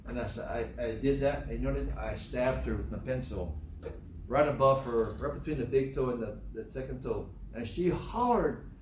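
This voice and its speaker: A man's voice: mid-range voice, normal speed, a little mellow. A man giving a moralizing talk, telling stories in a repetitive, emphatic way with sarcastic asides. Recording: roomy, distant mic with faint noise.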